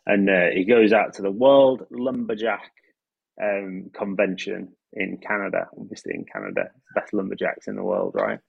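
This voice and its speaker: A man telling a long anecdote in casual conversation, animated and acting out sound effects. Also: sits low, normal speed, creaky, husky, no room sound, muffled recording. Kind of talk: casual storytelling chat.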